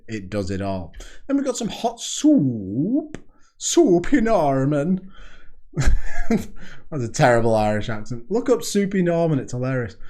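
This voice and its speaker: A man hosts a casual card game review with a medium-pitched voice. He reads card text aloud in a steady way, then slips into loose, chatty asides and chuckles at his own jokes. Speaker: card game video host. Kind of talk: casual deck review monologue.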